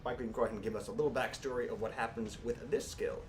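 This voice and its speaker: Brisk man presenting a game stream. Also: medium pitch, steady tone, slight background noise. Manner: brisk, walks through game skills. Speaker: livestream co-host. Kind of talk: scripted in-character livestream presenting.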